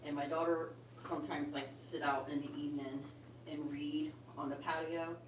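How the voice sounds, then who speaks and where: A middle-aged woman with a low voice hosts a relaxed livestream from home, chatting and sweetly coaxing her pet bird at a moderate pace with flat delivery. She runs a bird channel and films indoors on a tripod-mounted phone, so the audio is roomy, distant and very noisy.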